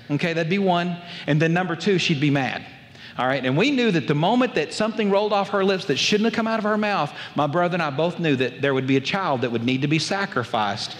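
A pastor with a drawl preaches a sermon, weaving in a childhood story and acting out his family's voices. His voice sits fairly high for a man, and long reverb trails after his words as if he's in a large hall.

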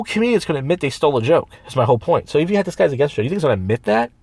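This man hosts a casual podcast and does open mic comedy, racing through long, winding stories with constant restarts and impressions of other people. His mid-range voice is husky, darkish, and very animated. The studio-mic sound is close and dry, with no echo or room around it.

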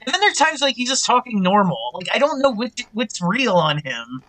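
A man's voice: very high voice, wildly swooping pitch, fairly quick, bright, forceful tone. A man co-hosting a casual film podcast, who rambles with lots of "like" and swears freely. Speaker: podcast co-host. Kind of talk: casual chat.

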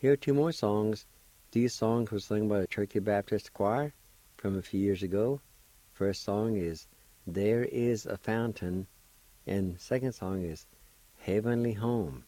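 A middle-aged man teaches a language lesson on the radio, spelling and pronouncing words slowly and carefully, syllable by syllable. His voice is lowish and mellow, with no room sound.

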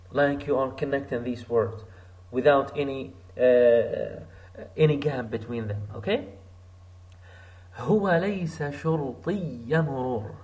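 Guy w teaching a lesson, talks real slow, lots of uhs, keeps repeating stuff. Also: mid-range voice, low-quality recording. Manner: slow, patient, repeats phrases, many fillers. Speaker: Arabic teacher. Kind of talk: recorded language lesson.

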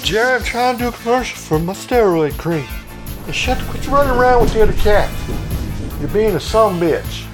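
A brash, high-pitched infomercial pitchman, played by a man for a comedy podcast, who keeps snapping at his cat in the middle of the pitch. Music plays clearly underneath the voice. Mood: scolding. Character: hyped adult male infomercial pitchman. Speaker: host.

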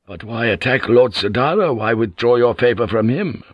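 A man's voice: medium pitch, animated, moderate pace, no echo, highs cut off, close to an everyday voice. A man voicing a loyal, blunt old samurai general in an audiobook, eager and deferential. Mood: earnest. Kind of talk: audiobook character voice.

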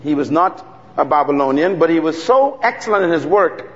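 A man preaching a sermon, telling stories with dramatic pauses and calling out to the congregation. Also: a little high. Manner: animated storytelling with dramatic pauses and call-and-response. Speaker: pastor. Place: church hall. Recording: dull sound with long hall reverb.

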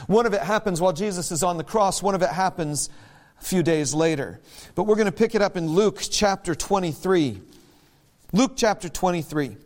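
Male pastor, sermon, high-pitched, animated, dramatizes quotes with big pitch jumps. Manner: conversational and emphatic.

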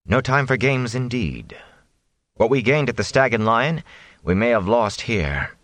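A man reading an audiobook, voicing a commanding, imperious woman sorceress with slow, haughty speech. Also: mid-range voice, animated, fairly bright tone, no room sound, voice pushed up. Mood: calm, aloof. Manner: slow, measured, haughty delivery. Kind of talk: audiobook character voice.

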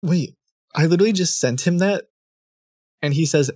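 A man's voice: fairly high pitch, moderate pace, darkish tone, dry recording, studio quality. A man streaming a scam-baiting call, amused and reading out chat and messages. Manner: amused, reads chat aloud.

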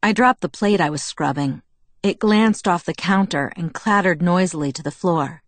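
A woman reading a first-person novel aloud in a measured storytelling manner. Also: lowish voice, dry recording. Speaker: audiobook narrator.

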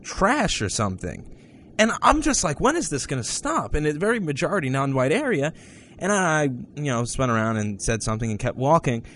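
Rambling male podcast host. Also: a little hiss or hum. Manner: rambling, many restarts, pitch jumps up when telling stories. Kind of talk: casual opinion talk.

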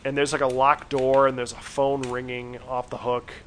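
A man's voice: medium pitch, monotone, slight background noise. A man co-hosting a horror review podcast, casually retelling an episode's plot and acting out the quoted lines. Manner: retells plot with quick asides, acts out quotes. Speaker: podcast co-host. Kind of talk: casual recap chat.

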